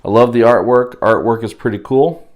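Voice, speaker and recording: A man with a slightly hoarse voice gives a casual, halting unboxing walkthrough, pausing often with fillers. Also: medium pitch. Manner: unhurried, halting, with many pauses and fillers. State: slightly hoarse from losing his voice. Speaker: board game unboxing host.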